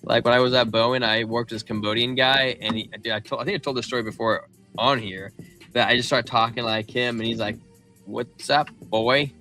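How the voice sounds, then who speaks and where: A man's voice: medium pitch, fairly even intonation, a little fast, pushed and bright, faint music behind. A man co-hosting a live stream in casual chat, laid-back and folksy, reading out viewer comments. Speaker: co-host.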